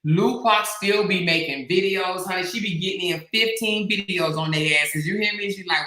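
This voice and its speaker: A woman hosting a drama commentary chat, sassy exclamations and loud cackling laughs. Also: medium pitch, expressive, moderate pace, hardly any pauses, reverberant, rough recording. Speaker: commentary channel host.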